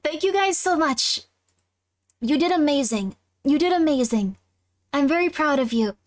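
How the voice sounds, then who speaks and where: There's no room sound as a young woman with a high, expressive voice chats at a moderate pace during her game livestream. Giggling and talkative, she speaks to chat in a casual way.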